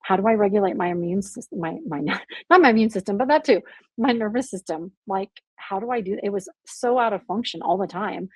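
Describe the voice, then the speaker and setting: A woman guest on a podcast, telling her personal story in a candid, animated way. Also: mid-range voice, brisk, breathy edge, no echo. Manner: emotional, animated storytelling with laughs and acted quotes. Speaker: podcast guest, abuse survivor.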